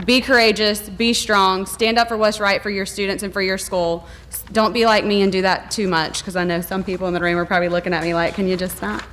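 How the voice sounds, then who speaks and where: A woman's voice: mid-range voice, level tone, a little fast, fairly bright tone, soft background music. A woman principal giving a heartfelt, rambling award acceptance speech to a gala audience. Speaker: elementary school principal. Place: gala hall in front of an audience.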